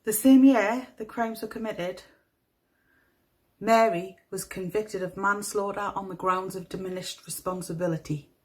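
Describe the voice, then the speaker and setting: A woman with a toned-down Northeast English accent narrating a true crime story in a measured, somber manner. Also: medium pitch, fairly even intonation, poor audio. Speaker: podcast host.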